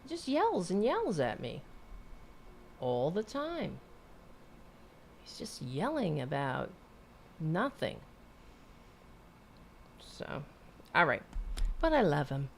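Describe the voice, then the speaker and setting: A woman's voice: low voice, wildly swooping pitch, slow, gravelly, pauses often, slight background noise. A woman hosting a live stream, chatting loosely and rambling, swearing now and then. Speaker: host. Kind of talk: casual live-stream sign-off chat.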